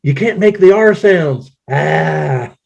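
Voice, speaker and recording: A playful man in his sixties leads a laughter yoga session online with a mellow, relaxed tone. He jokes at his own expense and slips into laughter freely. The home computer mic gives the sound a dull, lo-fi quality. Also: mid-range voice, moderate pace. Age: 60s. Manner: jokey, playful, breaks into laughter. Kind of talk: casual online presentation. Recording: dull lo-fi audio.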